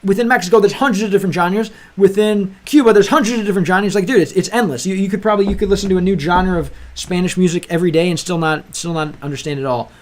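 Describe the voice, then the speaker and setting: A young man hosts a language-learning livestream, chatting casually with viewers in the live chat. His voice sits high and he talks fast with hardly any pauses, rambling, restarting often, and calling viewers "bro."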